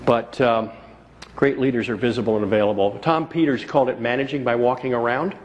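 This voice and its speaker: Male keynote speaker, mid-pitched, story-driven, repeats points for effect, faint noise in the recording. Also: fairly even intonation, brisk. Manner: storytelling, repeats key phrases for emphasis. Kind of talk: motivational keynote speech. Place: conference hall before a live audience.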